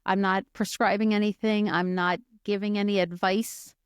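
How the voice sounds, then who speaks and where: A woman's voice: mid-range voice, level tone, normal speed, smooth, dry recording, studio quality. A middle-aged woman hosting a podcast, telling her personal story in a candid, chatty way full of fillers and asides. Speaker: podcast host.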